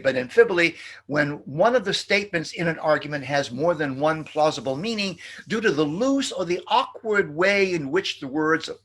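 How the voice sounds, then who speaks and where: Husky, lively-voiced male professor. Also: a little high. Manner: animated, hesitant, with many fillers and restarts; acts out quoted jokes in a playful sing-song. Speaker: philosophy professor. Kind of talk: recorded lecture.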